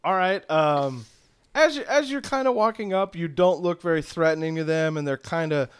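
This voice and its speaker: A man's voice: on the high side, normal speed, clear, resonant tone. A man running a tabletop game as game master, narrating in a loose, rambling way.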